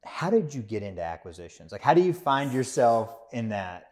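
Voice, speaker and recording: A man's voice: mid-range voice, fairly quick. A man with a mid-range voice hosts a podcast interview. He asks questions loosely and conversationally, with plenty of fillers along the way. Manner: relaxed, conversational, many fillers. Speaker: podcast host.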